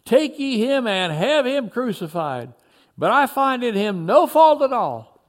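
A man voicing a stern Roman governor who questions a prisoner in slow, solemn, archaic speech. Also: sits high, wildly swooping pitch, exaggerated voice. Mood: stern, pleading.

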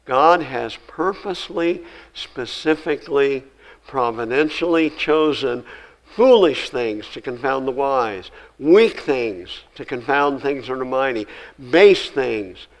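A male pastor preaching a sermon, reading scripture with rising emphasis and dropping to quiet, conversational asides. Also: mid-range voice, animated, slow pace, poor audio.

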